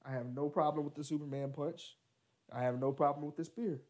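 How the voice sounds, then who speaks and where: Young male podcast co-host, chatty and rambling, quick to laugh, fairly high voice. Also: steady tone, darkish tone. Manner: laughs often, rambling with many fillers. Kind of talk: casual wrestling chat.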